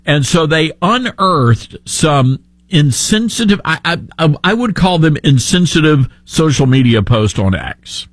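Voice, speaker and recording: A man's voice: fairly high pitch, big pitch swings, unhurried, dry recording. A man with a Southern accent hosting a talk radio show, sarcastic and opinionated.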